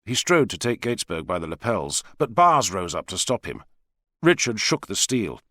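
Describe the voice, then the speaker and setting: A man narrating an audiobook in an expressive, dramatic style. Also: on the low side, moderate pace, dry recording. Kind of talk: scripted narration.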